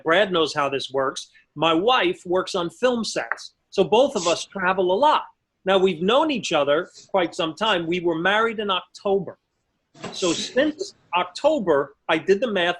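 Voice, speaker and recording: A man's voice: high-pitched, expressive, normal speed, fairly bright tone, poor audio. A man in his forties doing a conversational stand-up routine over a video call, telling stories with self-mocking punchlines. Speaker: stand-up comedian.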